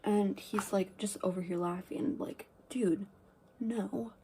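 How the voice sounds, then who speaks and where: A teenage girl rambling through a casual get-ready-with-me story, full of "like" and "um", with quiet asides. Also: fairly low pitch, level tone, moderate pace, breathy edge. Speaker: vlogger.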